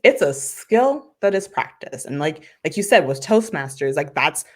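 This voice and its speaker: A woman marketing consultant talking as a podcast guest, animated and emphatic, saying "like" often. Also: low voice, normal speed. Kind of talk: conversational interview.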